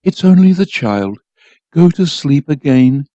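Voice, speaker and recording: A man putting on a soft-spoken, soothing mother. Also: a little high, lively intonation, a little slow, no room sound, highs cut off. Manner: soft and soothing, turns severe. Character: gentle, soothing young mother.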